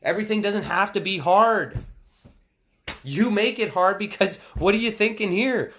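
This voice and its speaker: A man in his thirties giving a casual motivational talk, with excited, emphatic exclamations. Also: high-pitched, moderate pace, a little hiss or hum. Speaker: motivational speaker.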